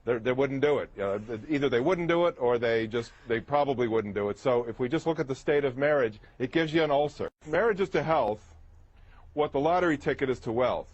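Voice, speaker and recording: Heard with the highs cut off, this opinionated TV panel guest speaks a little fast in a mid-range voice. He's combative in the debate, talking over everyone else and reeling off statistics to push his argument.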